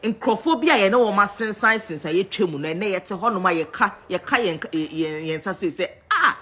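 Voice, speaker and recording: A woman's voice: mid-range voice, fairly quick, fairly bright tone, slightly rough. A Ghanaian woman in a heated rant, scolding and repeating herself as she switches between English and Twi. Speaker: vlogger.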